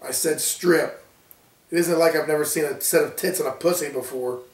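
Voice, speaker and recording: A man's voice: a little high, normal speed, natural voice. A man reading a horror story aloud, voicing a deranged young male killer with a cold, taunting manner. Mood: cold commanding. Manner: taunting, menacing. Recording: roomy, distant from mic.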